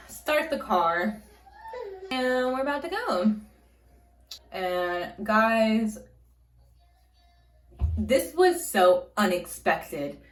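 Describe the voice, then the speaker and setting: Chatty woman storyteller in an echoey room. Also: on the high side. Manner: chatty, animated, heavy use of "like". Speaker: vlogger telling a story. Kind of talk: casual storytime vlog. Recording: roomy echo, faint music.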